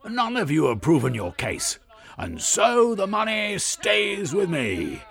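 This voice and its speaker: A man voicing a furious villainous aristocratic lord who shouts in shrill outbursts. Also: wildly swooping pitch, takes it slowly, gravelly, heavily acted.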